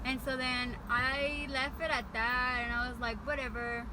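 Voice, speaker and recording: A woman's voice: high-pitched, level tone, a little slow. A woman in her twenties telling a storytime vlog, chatty and profane, rambling through asides as she retells what was said. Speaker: vlogger. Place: in a car on a bumpy city street. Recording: loud road and engine noise in a car.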